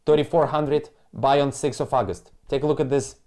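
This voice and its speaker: A man's voice: mid-range voice, steady tone, a little fast, a little mellow. Man ranting angrily on a crypto stream. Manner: angry, profane, repetitive ranting; broken, non-native English phrasing. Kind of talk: live stream chart commentary.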